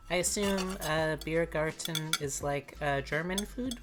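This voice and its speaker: Low, slow-talking woman streamer. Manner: relaxed, chats with viewers between bites, reads chat aloud. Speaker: livestreamer. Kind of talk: casual livestream chat while eating.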